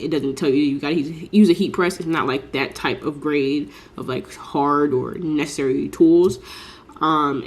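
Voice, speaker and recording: A woman with a congested, stuffy voice, explaining a craft technique in a chatty, rambling vlog full of fillers. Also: low voice. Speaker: small business crafter. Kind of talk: casual tutorial vlog.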